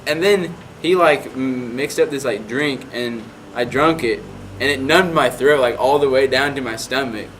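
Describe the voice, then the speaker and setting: A man's voice: mid-range voice, moderate pace, a bit bright, slight background noise, rough recording. Rambling teen guy, filler-heavy. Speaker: student telling a personal story. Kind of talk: casual anecdote.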